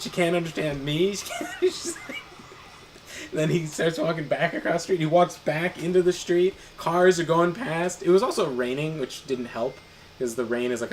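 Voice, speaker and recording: A man's voice: a little high, slight background noise. A man co-hosting a gaming stream, telling a rambling story in casual chat with bursts of laughter and swearing. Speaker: gaming channel co-host.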